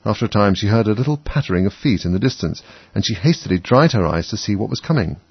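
A man reads a children's story aloud in a low, gravelly, husky voice. His narration is expressive and moves widely in pitch. The recording sounds dull and dry. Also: fast, no room sound. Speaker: audiobook narrator.

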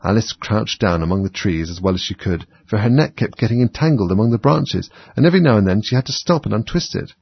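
A man narrating a storybook in a measured, lively way. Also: fairly low pitch, gravelly, breathy edge, no room sound. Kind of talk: storybook reading. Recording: dull, dry lo-fi recording.

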